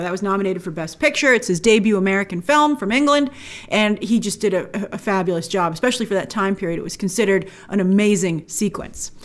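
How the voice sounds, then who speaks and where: A woman with a mid-range voice and fairly bright tone hosts a casual film trailer reaction. She chats enthusiastically, frequently using fillers and starting sentences over.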